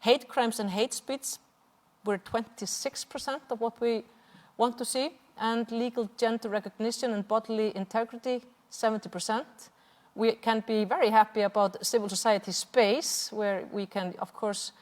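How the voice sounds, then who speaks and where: Presenting over slides at a seminar, this Icelandic-accented activist speaks earnestly and passionately but hesitates often. Her fairly high voice is a little mellow, with fairly even intonation and a moderate pace, and a long reverb fills the large cultural-venue hall.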